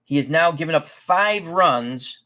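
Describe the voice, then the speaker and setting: A man with a fairly high, animated voice that is bright and forceful calls play-by-play for the tabletop baseball game he's hosting, staying chatty and unhurried while correcting himself.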